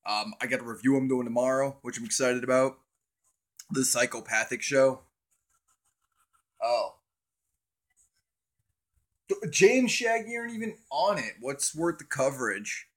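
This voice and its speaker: A man's voice: medium pitch, lively intonation, a little slow, pauses often, fairly bright tone. A young man hosting a casual livestream on his cell phone, rambling and swearing as he talks to viewers in chat. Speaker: livestream host.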